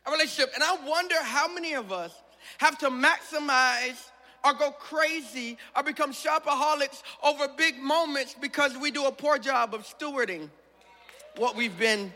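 A pastor preaching to his congregation, a man with a strikingly high, bright and forceful voice. He tells stories in a lively, joking way, talking straight to the crowd. His voice rings out with a long reverb through a large hall. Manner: lively, humorous storytelling with frequent laughter and asides to the congregation. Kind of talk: sermon.

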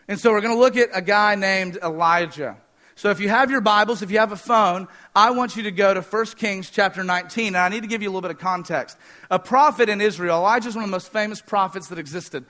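A man preaching a sermon, fast-talking, energetic and joking with the congregation. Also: high-pitched. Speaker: pastor.

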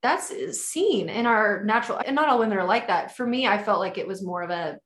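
A woman's voice: mid-range voice, lively intonation, fairly quick, a bit bright. A woman talking in a casual podcast conversation as a birth educator, enthusiastic and effusive. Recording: echoey room.

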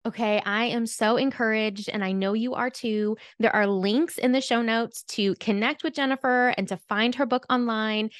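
A woman's voice: mid-range voice, a bit bright, no room sound, clean studio sound. A woman hosting a faith podcast, closing the episode in an upbeat, encouraging way. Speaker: podcast host. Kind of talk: podcast outro.

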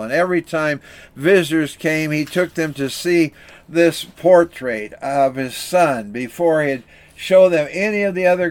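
A man preaching a sermon, telling an illustration story in an earnest, steady way. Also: a little high. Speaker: pastor.

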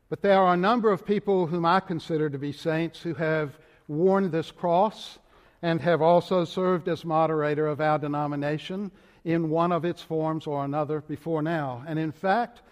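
A man's voice: on the high side, darkish tone. Older Southern man preaching in a reverberant church. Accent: Southern US, Richmond Virginia. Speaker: moderator of denomination preaching. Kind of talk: sermon. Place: large church sanctuary.

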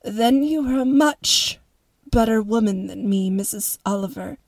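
A woman's voice: mid-range voice, unhurried, darkish tone, no room sound. A woman voicing a wealthy, formal older lady who talks in a precise, fretful way.

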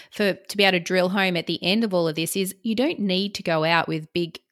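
A woman's voice: mid-range voice, no echo, clean studio sound. A woman hosting a podcast, chatting encouragingly with a guest and affirming what she says. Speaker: podcast host. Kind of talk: conversational podcast interview. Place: separate room, recorded remotely. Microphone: remote call, podcast mic.

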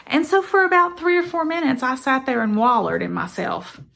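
Gravelly-voiced woman telling a story. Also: sits high, big pitch swings, moderate pace, sharp tone. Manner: earnest, reflective, conversational. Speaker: motivational speaker. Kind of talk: personal storytelling.

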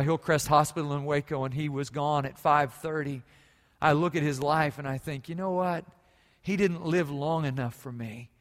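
Man in his forties, pastor preaching, slightly high voice, hushed then fervent, echo of a big sanctuary. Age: 40s. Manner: swings from hushed storytelling to loud fervent preaching. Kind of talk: sermon. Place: church sanctuary. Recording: long reverb of a large church hall.

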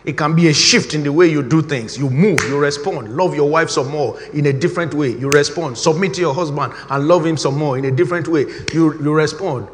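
A middle-aged man preaching an animated sermon, repeating his key phrases. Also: a little high, brisk, few pauses, a little hiss or hum. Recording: reverberant hall.

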